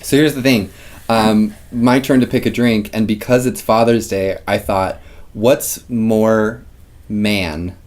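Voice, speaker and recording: A man co-hosting a casual podcast, easygoing and quick to laugh, often trailing off into fillers. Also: lowish voice, fairly even intonation, a little mellow, slight background noise. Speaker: podcast co-host.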